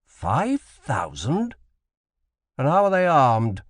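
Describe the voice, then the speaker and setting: A man voicing a commanding British admiral in an audiobook, speaking with deliberate authority. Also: mid-range voice, lively intonation, no echo, lightly acted. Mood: curious. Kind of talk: audiobook character voice.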